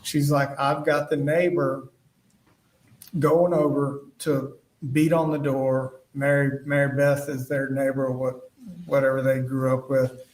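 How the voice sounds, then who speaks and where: A man giving courtroom testimony as a witness, speaking haltingly and retelling past conversations as quoted dialogue. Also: medium pitch, little pitch movement, darkish tone. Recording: echoey room, voice far from the mic.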